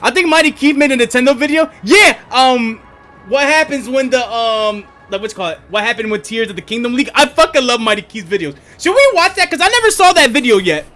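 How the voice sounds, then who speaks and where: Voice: sits high, animated, brisk, bright, forceful tone. A streamer chatting casually, rambling, swearing and laughing often while setting up a video.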